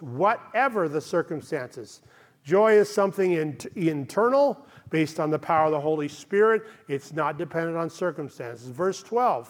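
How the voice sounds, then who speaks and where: A male pastor giving a conversational sermon, often checking in with the listeners. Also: high voice. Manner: conversational preaching, frequent "okay?" check-ins.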